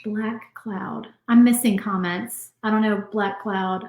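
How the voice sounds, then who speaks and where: A woman's voice: medium pitch, steady tone, slow pace, darkish tone. A woman, chatting casually while she paints and reads viewer comments aloud on a craft livestream. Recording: roomy echo.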